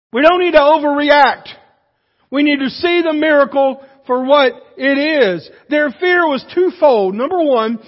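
A high-pitched man delivers a sermon as a folksy, animated storyteller. His voice rings through a large hall with a long echo. The recording is dull and muffled. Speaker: pastor.

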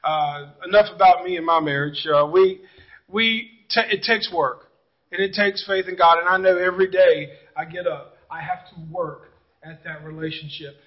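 In a church sanctuary, a middle-aged pastor preaches a sermon, sharing folksy stories and jokes and addressing the congregation directly. His voice is high, and the audio sounds dull.

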